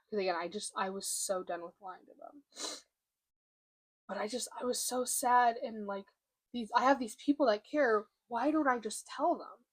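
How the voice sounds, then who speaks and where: A young woman talks into her camera at home in a candid confessional vlog. Her voice sits a little high, and she speaks haltingly, stopping and restarting as she holds back emotion. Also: husky. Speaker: vlogger. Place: room by a window, at home.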